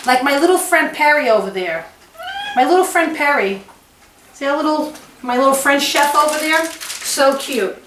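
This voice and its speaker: Woman host for a home cooking demo, rather high voice, effusive and chatty, picked up from off-mic in an echoey kitchen. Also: a bit bright, recorded from a distance, slight background noise. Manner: gushing, exclamatory and chatty.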